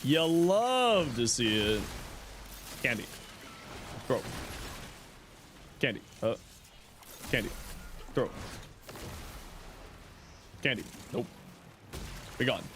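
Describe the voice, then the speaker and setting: A man's voice: mid-range voice, very animated, very slow, pauses often, noisy background. A young man streaming a game, chatting casually and joking as he reads chat aloud. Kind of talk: casual live game commentary.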